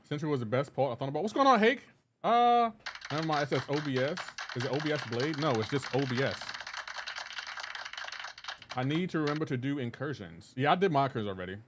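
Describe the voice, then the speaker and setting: A man's voice: a little high, lively intonation, fairly quick, noisy background. A man live streaming a game, chatting casually and answering viewers' messages while he plays. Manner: laid-back, reads chat messages aloud and answers them; rambling with frequent restarts and asides to gameplay. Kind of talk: casual gaming livestream chat.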